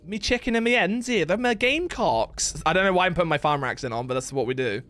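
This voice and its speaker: A man's voice: high-pitched, expressive, quick pace, fairly bright tone, soft background music. A man voicing a jovial rustic farmer with a put-on West Country accent, folksy and teasing. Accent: West Country English. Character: jovial rustic male farmer selling gamecocks.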